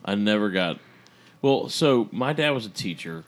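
A man casually telling stories about his youth on a podcast, in a relaxed, chatty way. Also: lowish voice, moderate pace.

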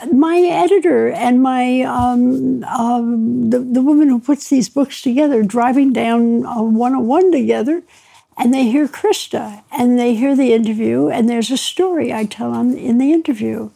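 Woman author, warm mid-high husky voice, animated storyteller who laughs through her tales. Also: a little slow. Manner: lively raconteur, mimics dialogue, laughs often. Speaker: author being interviewed. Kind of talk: anecdotal storytelling.

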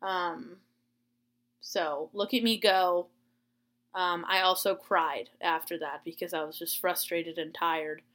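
This young woman, a teacher from Florida, meanders through a personal anecdote in a laid-back vlog, her voice clear, bright, and fairly low. Chatty and quick to poke fun at herself, she leans heavily on fillers like "um" and "uh."

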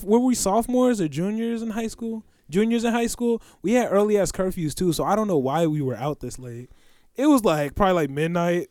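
A young man telling a funny story to a friend in casual chat, animated and often laughing. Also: sits high, dry recording, studio quality. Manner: animated, laughing, swearing, acts out quoted voices.

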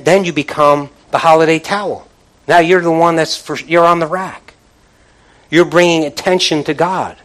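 A man's voice: on the high side, fairly bright tone, low-quality recording. A man preaching a sermon from the pulpit in a conversational way, calling out to the congregation. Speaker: pastor. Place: church, from the pulpit.

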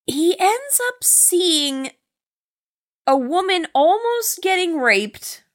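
Bright, lively woman chatting about a movie. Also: very high-pitched, takes it slowly. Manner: laughs often, animated, swears. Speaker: podcast co-host. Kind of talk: casual movie review chat.

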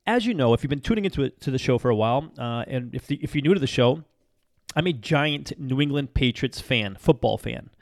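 A man from Massachusetts hosting a short daily motivational show, talking in an energetic, chatty way, often laughing and repeating phrases for emphasis. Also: mid-range voice, brisk, no echo, clean studio sound. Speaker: podcast host. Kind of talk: motivational talk show monologue.

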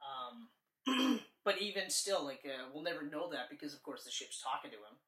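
A man co-hosting a casual movie podcast, rambling and animated, swearing freely as he talks. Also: on the high side, normal speed. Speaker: podcast co-host. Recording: roomy, distant from the mic.

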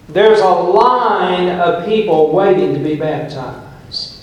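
Slow-talking male preacher in echoey church. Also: sits high. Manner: emphatic, storytelling preacher who paints scenes. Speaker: pastor. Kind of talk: sermon.

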